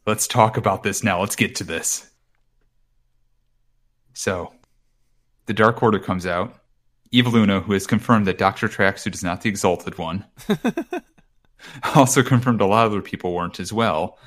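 A man's voice: lowish voice, lively intonation, moderate pace, long pauses, fairly bright tone. A man casually recapping a show on a podcast, rambling and swearing freely as he paraphrases. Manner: rambling, profane, paraphrases promos. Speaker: podcast co-host. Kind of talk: casual wrestling recap chat.

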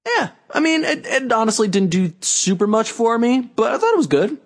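A man's voice: very high voice, very animated, a little fast. A man co-hosting a casual podcast, talking in a sarcastic, rambling way. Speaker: podcast co-host. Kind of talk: casual wrestling chat.

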